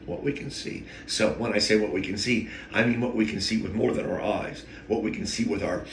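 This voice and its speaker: A man's voice: on the low side, fairly bright tone, slight background noise. A man hosting a rambling, emotional spiritual monologue, often wandering off topic and catching himself. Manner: digressive, emotional, self-interrupting. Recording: echoey room.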